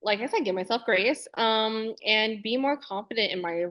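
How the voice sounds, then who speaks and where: A woman's voice: on the high side, normal speed, a bit bright. A woman guest on a podcast, speaking candidly and reflectively in casual chat. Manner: candid and reflective, with frequent fillers.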